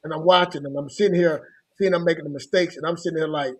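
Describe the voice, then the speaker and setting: A man's voice: a little high, fairly even intonation, quick pace. A middle-aged man from Louisiana, telling his life story as a motivational coach in a loose, conversational way. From Louisiana, United States. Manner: loose, conversational, repeats himself and restarts.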